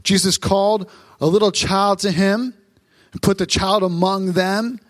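A man, a pastor in his thirties, preaching a sermon on stage in church, telling family stories in a lively, animated way. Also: high-pitched, no room sound. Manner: warm storytelling, lively, quick asides.

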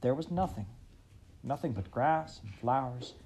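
Expressive man reading a storybook aloud. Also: medium pitch, unhurried, a little hiss or hum, low-quality recording. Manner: expressive, dramatic. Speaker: reader.

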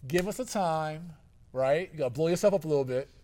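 A man's voice: a little high, a little fast, warm tone. A man hosting a casual interview, asking questions and sharing encouraging faith talk. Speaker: podcast host.

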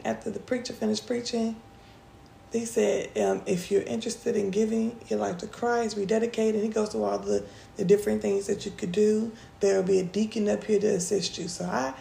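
Gravelly, mellow woman telling a story. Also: mid-range voice, a little hiss or hum. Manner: chatty, addresses listeners as y'all. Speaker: podcast host. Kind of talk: casual storytelling. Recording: echoey room with faint ambience.

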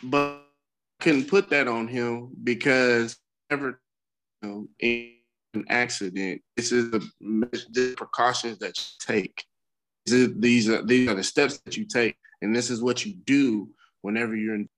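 A man's voice: medium pitch, fairly even intonation, measured pace, fairly bright tone, rough recording. Candid, cussing man telling a story. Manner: candid, profane storytelling with bursts of laughter. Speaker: podcast co-host. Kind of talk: casual chat.

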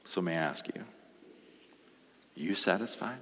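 A man's voice: sits low, animated, a little slow, a bit bright, slight background noise. A man preaching a sermon, reading scripture aloud and pressing his points with rising emphasis. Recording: reverberant hall.

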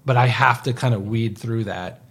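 A man in his forties co-hosting a podcast, talking in a rambling, casual way with lots of fillers and soft trailing endings. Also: mid-range voice, moderate pace, slightly rough. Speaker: podcast co-host. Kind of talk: casual chat.

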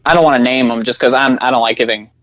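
A man's voice: mid-range voice, steady tone, racing, a bit bright, dry recording, highs cut off. A young man as a podcast guest, easygoing in casual chat and leaning on fillers. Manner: easygoing, many "you know" fillers.

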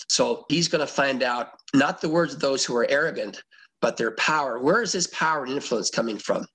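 A man with a slightly raised pitch and a husky, breathy edge teaches scripture. He talks in a conversational, emphatic way, reading verses aloud and then breaking them down for his listeners. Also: fairly bright tone, low-quality recording. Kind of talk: expository Bible teaching.

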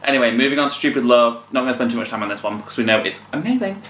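A man hosting a casual album reaction, excitable and swearing, now and then singing along. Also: mid-range voice, rapid-fire. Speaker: music reaction channel host. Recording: echoey room with loud music behind. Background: music playing.

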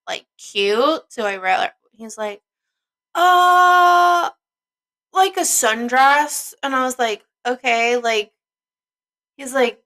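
A woman's voice: fairly high pitch, sharp tone, rough recording. A young woman chatting casually with a friend, telling a story, acting out the quotes and laughing often.

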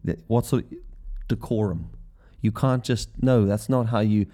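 Mellow, low-voiced man. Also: steady tone, normal speed. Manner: swears freely and acts out little scenes in quoted voices. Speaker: podcast host. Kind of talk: casual comedic monologue.

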